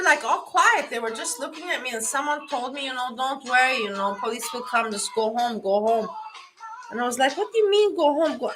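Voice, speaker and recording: A woman with tells a story to her viewers in a bright, forceful voice, blunt and swearing, often breaking off and restarting. Faint music plays behind her. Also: medium pitch, rough recording. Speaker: livestream host.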